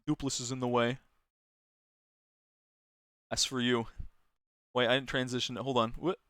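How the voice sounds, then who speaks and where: A man's voice: mid-range voice, level tone, a little slow, a bit bright, clean tone, no echo, clean studio sound. A young man from Canada streaming a game from a small room at home, chatting casually with his viewers, laughing often and apologizing a lot. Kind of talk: casual live-stream chat. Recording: game music under voice.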